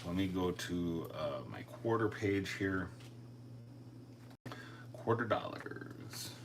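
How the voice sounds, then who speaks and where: A man's voice: low-pitched, slow, background noise. A man chatting casually on a live stream, thinking aloud and joking at his own expense. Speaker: coin collecting live streamer.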